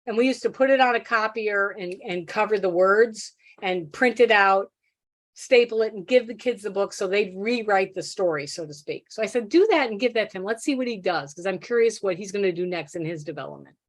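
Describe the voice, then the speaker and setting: A middle-aged woman who teaches deaf children gives a workshop talk in a mid-range voice, speaking a little fast. She tells a classroom story, acting out quotes with animation.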